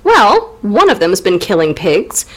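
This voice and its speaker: A woman's voice: medium pitch, huge pitch swings, a little slow, poor audio. A woman co-hosting a comedic literature recap, irreverent and playful, swearing and slipping into mock voices. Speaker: podcast co-host.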